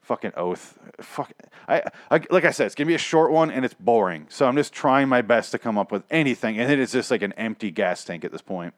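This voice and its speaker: A man's voice: mid-range voice, lively intonation, brisk, no echo, clean studio sound. A man giving a casual, sarcastic and profane recap of TV episodes, rambling as he goes. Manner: sarcastic, rambling, heavy swearing. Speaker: show reviewer.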